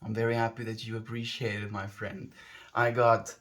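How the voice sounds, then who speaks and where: Speaking at a normal pace in a fairly low, level and fairly bright voice, a man from South Africa talks with his stream audience. The livestreamer, with a South African accent, wanders reflectively and keeps fixing his sentences partway through.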